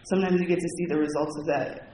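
A man with a fairly high voice gives a heartfelt, candid personal testimony to a roomful of people, talking loosely with lots of "like". The sound is echoey and carries a lot of background noise. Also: steady tone, fast talker, dark tone. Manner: candid, heartfelt storytelling with frequent "like". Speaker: recovery meeting speaker. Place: meeting room with an audience. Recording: echoey, noisy room recording.

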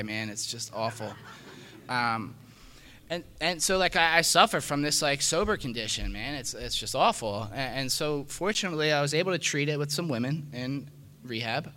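A man's voice: mid-range voice, pushed and bright. A man telling his recovery story in a frank, self-mocking way, often dropping "man" and restarting his sentences. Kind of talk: candid personal testimony.

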